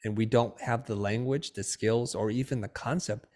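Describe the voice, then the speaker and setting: Middle-aged male guest, animated storyteller acting out dialogue. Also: mid-range voice, normal speed. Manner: lively storyteller who acts out quoted dialogue. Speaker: podcast guest, designer and educator.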